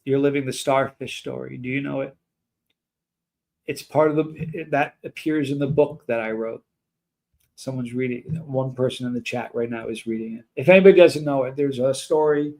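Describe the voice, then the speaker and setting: A man's voice: mid-range voice, fairly even intonation, moderate pace, a little mellow. A man hosting a livestream, talking earnestly and emotionally to his chat, rambling and restarting his sentences. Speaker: livestream host.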